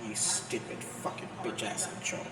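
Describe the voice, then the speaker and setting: A man voicing a foul-mouthed, angry male house cat in amateur comedic voice acting, ranting and shouting with constant swearing. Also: normal speed, loud music behind the voice, lightly acted. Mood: furious ranting. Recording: echoey room with long reverb.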